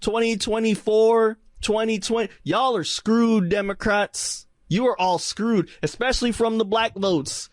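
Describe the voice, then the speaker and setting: A man co-hosting a casual podcast, talking in an animated way, mocking politicians and breaking into loud exclamations. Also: sits high, measured pace, few pauses, no echo, studio quality. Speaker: podcast co-host.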